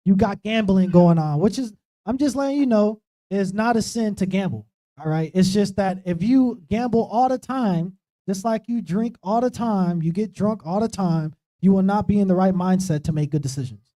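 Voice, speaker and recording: Warm and high-voiced, a preacher speaks at a moderate pace as he guides an informal Bible study. On this streamed church talk show he stays conversational, often pausing to ask "right?".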